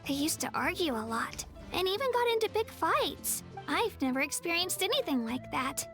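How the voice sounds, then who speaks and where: Earnest young baker girl, very high, gentle, soft game music. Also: big pitch swings, normal speed, heavily acted. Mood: sincere. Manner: gentle, sincere, hopeful. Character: sweet earnest young girl who bakes cakes.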